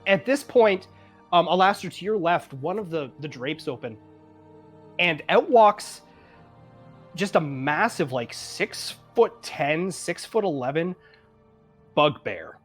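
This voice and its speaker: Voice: medium pitch, expressive, slow, long pauses, faint music behind. A Canadian game master narrating a tabletop game in a laid-back way, chuckling often.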